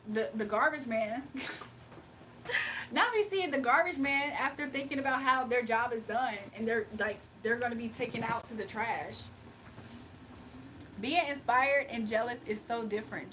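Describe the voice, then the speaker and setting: A woman talking casually on her livestream, animated and mocking, reading chat aloud, laughing often, drawling and slangy. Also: a little high, far from the mic, slight background noise.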